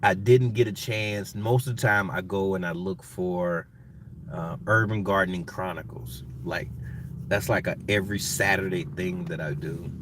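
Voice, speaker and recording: A chatty middle-aged man hosts a casual gardening livestream, rambling from topic to topic and talking to viewers as y'all. His voice sits a little low. He is picked up from a short way off the mic, with faint noise behind him. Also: steady tone, normal speed, recorded from a distance.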